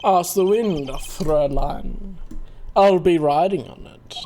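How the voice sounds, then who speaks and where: A man voicing a suave, flirtatious male prosecutor with a put-on German accent, drawling slowly and smoothly. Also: a little high, warm tone. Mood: grandiose. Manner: slow, smooth, charming drawl.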